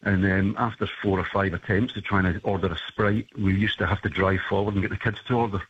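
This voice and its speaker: Husky low-voiced man on a muffled line. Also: fast talker. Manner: relaxed, rambling with fillers. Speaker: guest parent. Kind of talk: casual radio chat.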